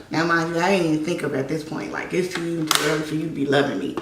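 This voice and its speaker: A woman's voice: lowish voice, fairly even intonation, quick pace, hardly any pauses. A young woman telling a personal story in a casual, chatty way, often saying "like" and "you know". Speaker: vlogger. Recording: roomy echo, distant mic, faint noise.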